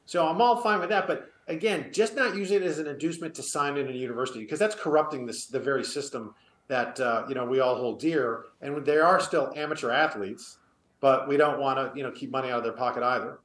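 A man's voice: medium pitch, brisk, fairly bright tone. Man in an echoey room, earnest guest. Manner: earnest, opinionated, storytelling. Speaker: guest, former college football player. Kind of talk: casual sports interview.

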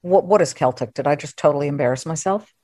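A woman hosting a podcast, chatting playfully and firing off quick questions in a casual interview. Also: sits low, no echo, studio quality. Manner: lively, playful, asks rapid questions. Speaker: podcast host.

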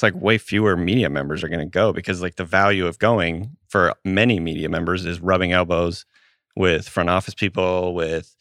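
A man's voice: low voice, sharp tone, dry recording, clean studio sound. A man co-hosting a podcast, rambling in casual chat with lots of fillers. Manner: rambling, filler-heavy, laughs often. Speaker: podcast co-host.

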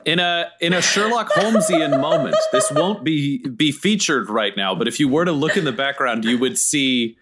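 A man's voice: a little high, expressive, moderate pace, hardly any pauses, very noisy. Man player making a playful aside. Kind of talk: casual game chat.

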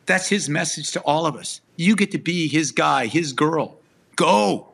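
Tearful, earnest middle-aged man, higher voice. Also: animated, measured pace, creaky, a bit bright, slightly rough. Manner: earnest and emphatic, voice breaking with emotion. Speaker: guest. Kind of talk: emotional personal testimony.

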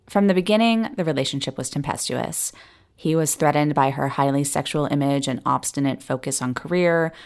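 A woman hosting a podcast, giving scripted narration with a wry storytelling delivery. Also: low voice. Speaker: podcast host. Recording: narration over background music.

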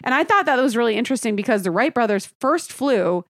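Higher-voiced blunt woman podcast host. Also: expressive, quick pace, dry recording, studio quality. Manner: blunt, opinionated, swears freely. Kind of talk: casual chat.

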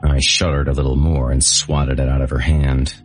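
A man narrating a first-person audiobook in a flat, matter-of-fact way. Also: rumbling low, normal speed, slight background noise.

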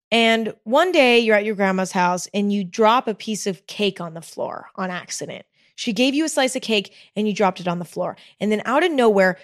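Female podcast host, mid-pitched, conversational monologue with a dry, close sound. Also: no room sound. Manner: chatty, conversational, with frequent "you know" and "okay?". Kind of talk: casual solo podcast monologue.

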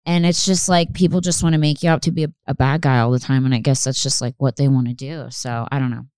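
Low, smooth-voiced woman podcast host. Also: fairly even intonation, fast talker, darkish tone, no room sound, studio quality. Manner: rambling, frequent swearing, many "like" fillers. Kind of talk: casual chat.

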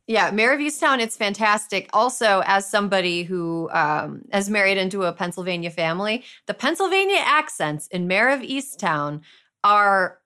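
A woman's voice: medium pitch, expressive, normal speed, bright, forceful tone, clear, resonant tone. A woman hosting a podcast, leading a casual chat in an emphatic, playful way. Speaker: podcast host.

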